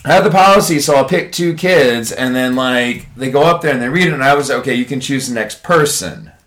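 A man's voice: medium pitch, animated, fairly quick, a bit bright. A man who works as an English teacher in Japan, casually telling a profane classroom story on a podcast. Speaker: podcast co-host. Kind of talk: casual chat.

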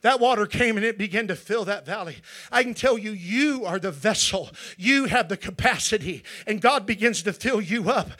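A male pastor with a very high, bright and forceful voice preaches a Pentecostal sermon in a church. He drops to a hushed storytelling tone, then climbs into shouting with stretched-out emphatic phrases. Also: lively intonation. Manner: drawn-out emphatic phrases at climaxes. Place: church sanctuary.

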